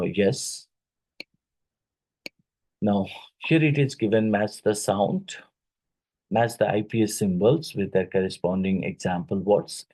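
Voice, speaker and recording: A man teaching an exam-prep phonetics lesson, unhurried and often checking in with "right?". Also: sits low, a little mellow, rough recording. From India. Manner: unhurried, with frequent tag questions like "right?".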